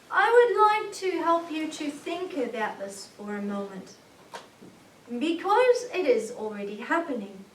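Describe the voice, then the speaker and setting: A woman channeling a jovial, earnest male alien star commander, preaching slowly and emphatically with rhetorical questions, in a roomy recording from a distant mic. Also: high-pitched, a little hiss or hum. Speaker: spirit channeler. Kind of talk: channeled spiritual message.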